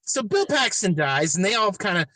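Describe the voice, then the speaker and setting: A man's voice: high-pitched, sing-song, normal speed, bright, forceful tone, no room sound. A man hosting a podcast, retelling a movie plot in a casual, rambling, profane way with many restarts. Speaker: podcast host.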